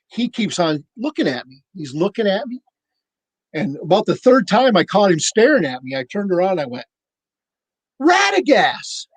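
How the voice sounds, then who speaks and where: A man on a podcast telling a casual, animated story and acting out the voices of the people in it. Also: sits high, moderate pace, no room sound, poor audio. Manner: animated anecdote-teller, acts out quoted voices. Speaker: podcast cohost.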